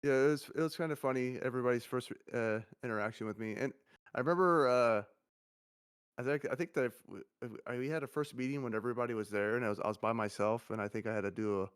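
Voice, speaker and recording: A man with a deep, monotone voice, a soft-spoken and hesitant guest on a casual stream. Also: quick pace, clean tone. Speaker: guest, company CEO.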